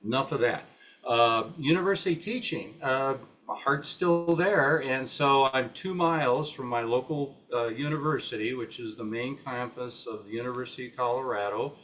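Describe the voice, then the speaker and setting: A man's voice: mid-range voice, a bit bright, slight background noise. Older male retired academic, unscripted, hesitant, lots of "uh", slightly dull lo-fi audio. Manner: halting, many fillers and restarts. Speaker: retired professor presenting at a meeting. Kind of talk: unscripted talk.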